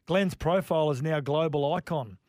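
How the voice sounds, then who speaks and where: A man's voice: on the high side, normal speed, darkish tone, no room sound. A man hosting a sports radio show in a studio, upbeat and chatty as he takes calls. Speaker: radio host. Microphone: studio mic.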